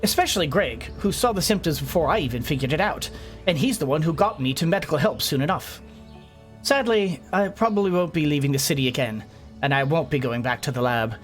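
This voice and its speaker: Woman voicing a gentle ailing scientist, English accent, soft earnest delivery, measured. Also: sits low, lively intonation, soft background music, pitched below the performer's own voice. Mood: tender. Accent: English, put on. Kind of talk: reading a letter aloud in a put-on voice.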